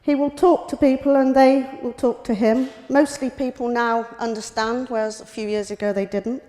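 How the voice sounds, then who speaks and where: Speaking at a moderate pace with a steady, warm tone, a middle-aged woman from the UK presents a prepared talk on her experience as a carer. Her delivery is plain and matter-of-fact, and her voice is a little high. The setting is a hospital lecture room with reverberant hall acoustics.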